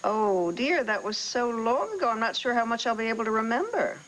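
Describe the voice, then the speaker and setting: A soap opera woman who stalls and hedges, filling her pauses with little sounds. Her voice sits a touch high. A faint hiss runs under it. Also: lively intonation, a bit bright, rough recording. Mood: evasive. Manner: hesitant, hedging with fillers. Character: polite, evasive woman who once kept records. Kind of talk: 1980s soap opera acting.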